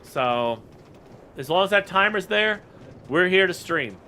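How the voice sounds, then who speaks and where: A man's voice: sits high, lively intonation, measured pace, pushed and bright, slight background noise. A man casually chatting on a live game stream, greeting viewers by name and rambling with fillers.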